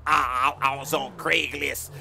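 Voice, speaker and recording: A man's voice: mid-range voice, steady tone, a little slow, vocal fry, pushed and bright, a little hiss or hum, heavily acted. A man voicing a laid-back, dim young rapper who drawls and hesitates with many uhs. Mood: sluggish.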